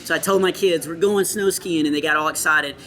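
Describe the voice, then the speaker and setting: Middle-aged male comedian, bright slightly high voice, earnest anecdotal delivery, faint background noise. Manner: earnest storytelling with quick asides. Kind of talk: casual interview chat. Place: comedy club after a show.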